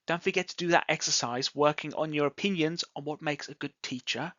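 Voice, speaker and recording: A teacher giving an English grammar lesson, speaking slowly and enunciating clearly. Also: medium pitch, a bit bright, no room sound, dull audio.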